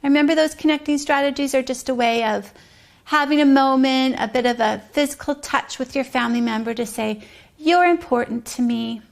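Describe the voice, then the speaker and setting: Outdoors, a preschool teacher leads circle time, her voice high and gravelly. She talks slowly in a sing-song way, sometimes sinking to a whisper for guessing games.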